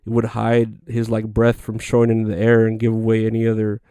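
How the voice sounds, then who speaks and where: A man's voice: fairly low pitch, monotone, brisk, dark tone, smooth, dry recording, studio quality. A young man hosting a podcast on his own, telling stories in a loose, profane way with lots of fillers. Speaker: podcast host. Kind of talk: casual solo podcast monologue.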